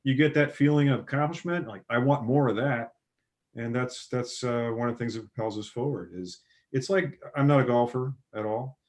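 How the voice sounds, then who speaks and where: A man talking as a guest on a podcast, expressive and acting out what others say. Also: mid-range voice, fairly quick, few pauses. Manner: expressive, acting out quoted speech. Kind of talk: casual conversation.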